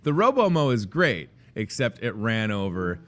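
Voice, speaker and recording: A man in his thirties with a low voice hosts a casual show from inside a grocery store café. He rambles and jokes in a loose, self-deprecating way. His talk is easy and chatty. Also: sing-song, moderate pace, fairly bright tone. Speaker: host. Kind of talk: casual chat.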